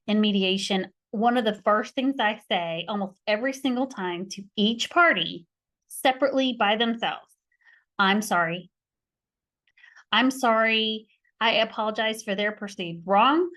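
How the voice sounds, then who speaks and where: A woman's voice: medium pitch, a bit bright. A middle-aged woman mediator teaching conflict skills, stressing her points by repeating key phrases. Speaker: mediator and conflict resolution instructor. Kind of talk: podcast teaching talk.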